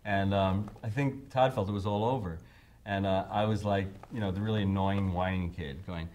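Middle-aged male interviewee; animated raconteur who mimics others. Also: fairly low pitch, normal speed. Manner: animated storyteller, acts out quotes in raised voices, laughs often. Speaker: songwriter interviewee. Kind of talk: anecdotal interview storytelling.

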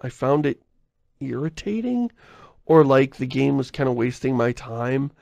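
Gravelly man rambling on a podcast. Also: mid-range voice, sing-song, measured pace, darkish tone, no room sound. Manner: rambling, self-interrupting, laughs often; reads listener mail aloud. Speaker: podcast host. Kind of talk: casual podcast chat.

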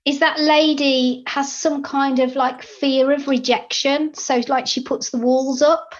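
A woman's voice: sits high, flat delivery, unhurried. A woman guest, a psychic, speaking in a reflective, affirming way in casual conversation. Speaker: psychic and animal communicator guest. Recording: dull, lo-fi remote audio.

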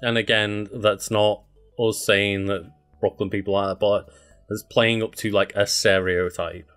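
A man's voice: fairly low pitch, little pitch movement, unhurried, a bit bright, faint music behind. A man co-hosting a casual podcast, laid-back, mostly giving short replies and laughing. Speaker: podcast co-host. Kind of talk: casual chat.

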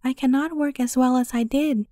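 A woman voicing a weary, downcast old male cobbler who speaks slowly in a storybook reading. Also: high-pitched, steady tone, mellow, dry recording, clean studio sound, natural voice. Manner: slow and weary.

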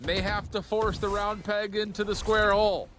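A man casting an esports match with live play-by-play commentary, excitable and breaking into shouts at big plays. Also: high voice, moderate pace, slight background noise. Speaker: esports caster.

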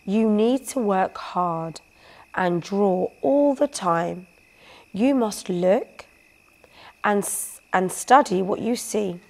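A woman voicing a boastful, excitable male painter in a storybook, loud and commanding. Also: mid-range voice, slow, creaky. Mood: instructive.

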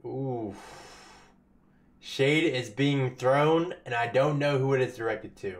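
A man's voice: medium pitch, slow. Chatty man reacting to a music video. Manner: excitable, chatty, slangy. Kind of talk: casual reaction commentary. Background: song playing faintly.

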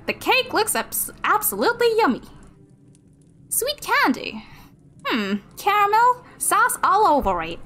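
A woman's voice: extremely high pitch, a bit bright, pitched above the performer's own voice, exaggerated voice. A woman voicing a young girl heroine in a put-on American Southern accent, exclaiming in a wide-eyed, sing-song way. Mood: delighted.

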